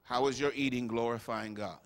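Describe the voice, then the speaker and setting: A man serving as bishop, preaching a sermon to his congregation with animated, humorous asides and acted-out quotes. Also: mid-range voice, fairly quick. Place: large church sanctuary. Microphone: stage microphone. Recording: live sermon with long hall reverb.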